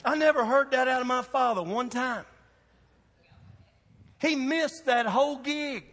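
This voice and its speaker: A man's voice: extremely high pitch, unhurried, fairly bright tone, in a large hall. A man, a pastor preaching a sermon with folksy, emphatic storytelling.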